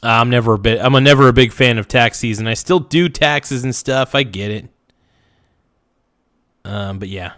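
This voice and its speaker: A man's voice: medium pitch, normal speed, pauses often, a bit bright, no echo. A man hosting his own livestream, casually reading viewer comments and chatting about trading, calling people dude. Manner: laid-back, calls people dude and man, reads out chat. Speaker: streamer host reacting to a livestream.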